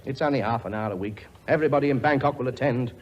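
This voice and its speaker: A man's voice: medium pitch, quick pace, a little hiss or hum, close to an everyday voice. An actor playing a pompous, blustering king with a sarcastic, grumbling working-class manner in a 1950s radio comedy. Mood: exasperated. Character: blustering pompous male king, bossy and weary. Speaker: lead comic actor. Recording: dull old broadcast recording with audience laughter. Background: studio audience laughing.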